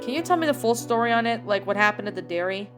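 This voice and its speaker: A woman's voice: fairly high pitch, fast, over music, close to an everyday voice. A woman reading a fan story aloud, voicing a friendly, caring pirate captain who is a man. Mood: gentle. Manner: calm, caring.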